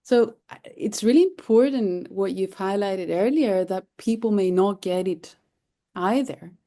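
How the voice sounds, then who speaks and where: A woman's voice: mid-range voice, measured pace, dark tone. A woman therapist from Cyprus as an interview guest, speaking thoughtfully with many fillers and repeated phrases. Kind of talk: interview conversation.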